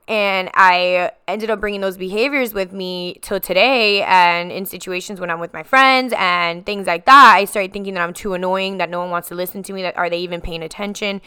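A woman's voice: medium pitch, pushed and bright, clear, resonant tone, no room sound, clean studio sound. A woman hosting a podcast, telling a personal healing story in an emphatic, repetitive way and addressing listeners as guys. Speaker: podcast host.

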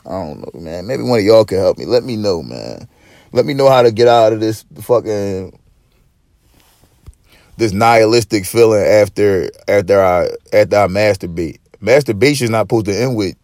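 A podcast host with a lowish, slightly mellow voice and lively intonation speaks at a moderate pace, recorded dry with clean studio sound. His rant is profane and rambling, in casual street slang with lots of swearing, frequent restarts, and a preachy edge.

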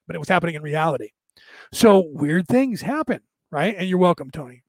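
A man with a fairly high voice talks to his viewers in a casual, rambling way. He keeps checking in with "right?" The sound is dry and close. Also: lively intonation, a little fast, a little mellow, no room sound. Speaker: spiritual talk host answering viewers. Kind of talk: casual storytelling and explanation.

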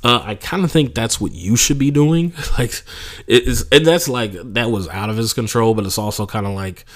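Speaking at a normal speed in a mid-range voice, a young comedian and podcast host delivers a casual monologue. His stories are profane and animated, packed with mocking impressions of people he describes.

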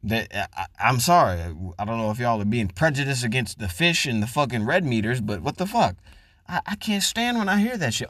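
A man hosting a podcast, ranting and swearing in a mocking, loud comedic way. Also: mid-range voice, animated, fairly quick, no echo, studio quality. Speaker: podcast host. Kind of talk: profane comedic rant.

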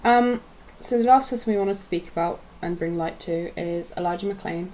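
A woman co-hosting a podcast, speaking softly and in a subdued way, close to tears. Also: fairly low pitch, moderate pace, a little hiss or hum. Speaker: podcast co-host. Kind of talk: casual conversational chat.

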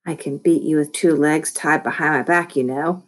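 A woman's voice: sits low, fairly even intonation, normal speed. A woman voicing a bossy young boy who runs a small business, talking in a bratty, emphatic way.

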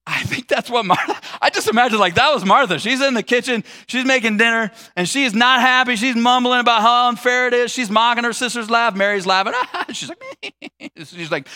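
A man's voice: high voice, sharp tone. A male pastor preaching a conversational, humorous sermon that acts out scenes.

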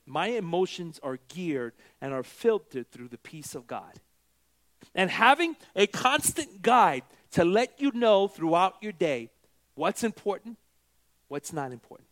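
A middle-aged man preaching a sermon as a pastor, swinging between loud emphatic lines and quiet asides. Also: high voice.

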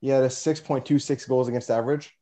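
A man with a mellow, mid-pitched voice chats about hockey on a podcast. He leans on "like" and laughs at his own slips. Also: fairly even intonation, fast talker, a little hiss or hum. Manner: chatty, leans on "like", self-deprecating. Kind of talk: casual chat.

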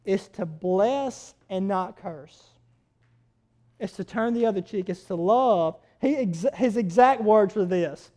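A man, a pastor telling a story in his sermon, animated and swinging between loud outbursts and quiet asides. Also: high voice, slow.

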